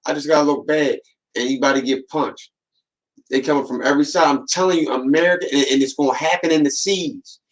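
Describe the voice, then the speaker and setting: Speaking quickly in a medium-pitched voice over poor audio, this podcast host tells streetwise stories in a casual monologue. He performs quoted voices in slangy talk and keeps cautioning listeners with "man" and "watch."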